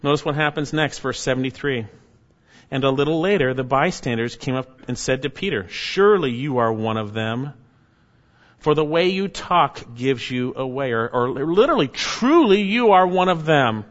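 A man's voice: medium pitch, normal speed, long reverb tail, highs cut off. A man preaching an expository sermon, reading scripture verses aloud and then explaining them in an earnest manner.

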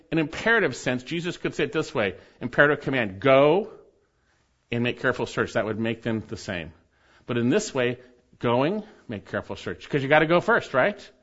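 A man's voice: a little high, dull audio. A man preaching a sermon as a pastor, teaching with casual asides and frequent "okay?" checks.

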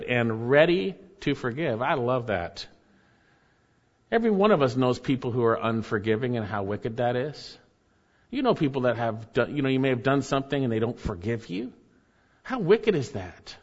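A man's voice: on the high side, very animated, moderate pace, muffled recording. A man preaching a sermon in an earnest, emphatic way, often repeating his phrases. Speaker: pastor.

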